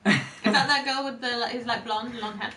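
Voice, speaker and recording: Bright-voiced English woman teasing. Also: a little high, fairly even intonation, fairly quick, recorded from a distance, slight background noise. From England. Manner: teasing, laughs at jokes. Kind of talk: casual chat. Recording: roomy echoey room.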